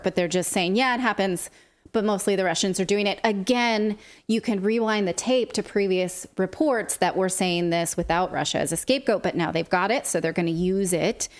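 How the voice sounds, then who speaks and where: A woman co-hosting a political commentary show, reading from a report with a sarcastic edge. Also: medium pitch. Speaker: co-host.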